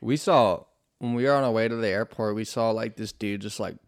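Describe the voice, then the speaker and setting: A man's voice: fairly low pitch, fairly quick, smooth. Rambling young man retelling a story. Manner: rambling, laughs while retelling, acts out shouted quotes. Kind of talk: casual chat.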